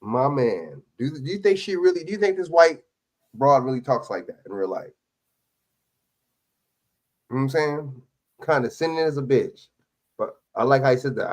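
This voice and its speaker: A man hosting a live stream, reacting to police videos with loud, profane, sarcastic commentary. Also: medium pitch. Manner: loud, sarcastic, laughing, swearing often.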